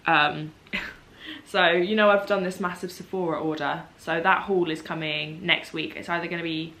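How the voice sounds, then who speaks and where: A young woman with a slightly low voice talks straight to a camera on a tripod at home. She tells stories in a chatty, self-mocking way and keeps things lively and casual. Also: moderate pace, slight background noise. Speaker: beauty vlogger. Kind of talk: casual vlog chat to camera. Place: home room at a table.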